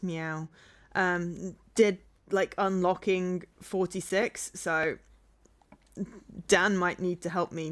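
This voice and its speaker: Meowing woman streaming late at night. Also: lowish voice. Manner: tacks "meow" onto nearly every phrase as a dare; thinking aloud with many pauses and "um"s. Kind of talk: casual charity stream commentary.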